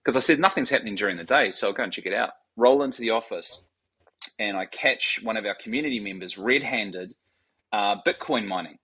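A man's voice: fairly low pitch, a little fast, pushed and bright, husky, poor audio. A man, telling stories as a guest in a casual interview, swearing freely and acting out the voices of the people he quotes. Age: 40s. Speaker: guest, startup founder.

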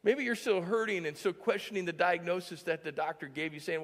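A male pastor preaching a sermon in a conversational way, full of fillers, moving between hushed and loud, emphatic stretches. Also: sits high, fairly even intonation, a little fast. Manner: conversational, heavy use of filler "like". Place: church sanctuary. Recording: long church-hall reverb.

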